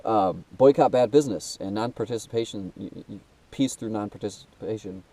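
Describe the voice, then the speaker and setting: A man's voice: lowish voice, fairly quick, warm tone, distant mic. A young man talking to camera in a rambling, emotional monologue, swearing and calling the listener dude, with a blocked nose. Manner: casual and swearing, calls listener dude, many restarts and fillers. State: blocked nose, trouble breathing. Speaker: self-made video host.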